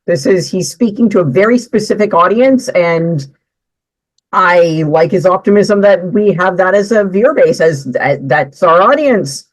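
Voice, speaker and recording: A man's voice: sits high, unhurried, rough recording. A man co-hosting who makes wry, amused remarks about the show's audience.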